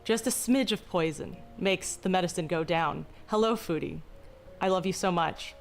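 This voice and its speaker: Young woman, streamer, slow put-on soothing voice, slight vocal fry, faint music behind. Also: lowish voice. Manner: mock-soothing, slow and deliberately calm, jokey. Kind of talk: casual live-stream chat. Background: faint background music.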